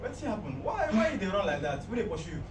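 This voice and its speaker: This man, speaking with a Nigerian accent, acts out a comedy skit as a patient, advice-giving friend who says the same things over and over. He talks fast in a high-pitched voice with big swings in pitch, captured by a distant mic in an echoey room full of loud background noise.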